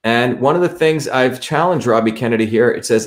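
A man's voice: mid-range voice, a little fast, few pauses. A man hosting a livestream, walking viewers through a website in an emphatic, repetitive way and checking in with the audience often. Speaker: livestream host.

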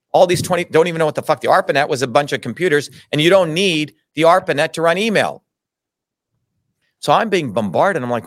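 A man's voice: on the high side, expressive, brisk, dry recording, clean studio sound. A middle-aged man telling his own story in an interview, indignant, emphatic and full of swearing. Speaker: interview guest. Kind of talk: heated personal storytelling.

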